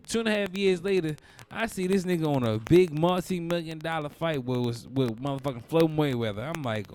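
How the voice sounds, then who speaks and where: A young man from Baltimore with a Baltimore accent, hosting a casual podcast monologue in an animated, profane storytelling manner with loud outbursts. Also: fairly high pitch, a little fast. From Baltimore, USA. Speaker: podcast host.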